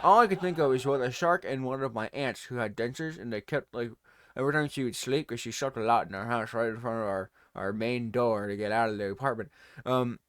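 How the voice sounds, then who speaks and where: A man's voice: medium pitch, brisk, fairly bright tone, no echo, clean studio sound. A tired man hosting his own show, telling a rambling comic story and cutting himself off as he laughs along. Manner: rambling, self-interrupting, laughing through his stories. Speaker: host. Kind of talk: casual comedic storytelling monologue.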